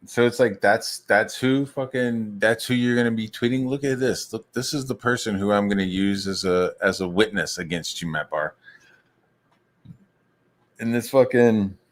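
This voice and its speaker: Man, rather low voice, angry swearing rant, mocking squeaky impressions. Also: moderate pace. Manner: angry, swearing, mocks others in high put-on voices. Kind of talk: profane ranting monologue.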